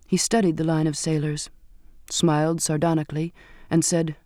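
A man giving a measured, steady first-person narration of a storybook. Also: on the high side, no echo, studio quality.

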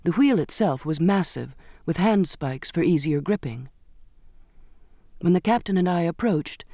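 A man with a voice on the high side narrates an audiobook from a script, measured and expressive in his storytelling. The recording is clean studio sound with no room noise.

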